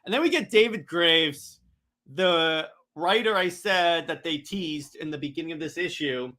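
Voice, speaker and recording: Excitable man rambling about comics. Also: a little high, measured pace. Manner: excitable, rambling, many fillers and restarts. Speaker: comic reader. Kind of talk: casual comic recap.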